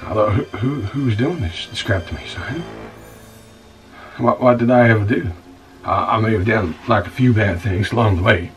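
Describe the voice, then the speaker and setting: A man's voice: lowish voice, moderate pace, distant mic, faint music behind, lightly acted, rough recording. A man playing a stammering aggrieved bar owner. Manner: stammering, repeats words, calls the listener "son". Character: rough, self-pitying male bar-owner scoundrel. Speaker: bar owner recounting his troubles. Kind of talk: monologue in a comedy-drama web series.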